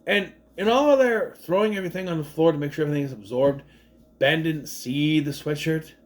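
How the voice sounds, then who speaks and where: A man's voice: on the high side, fairly quick. A man in his thirties, a father, casually recapping a movie in a chatty, rambling way, acting out the characters' lines. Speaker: movie reviewer.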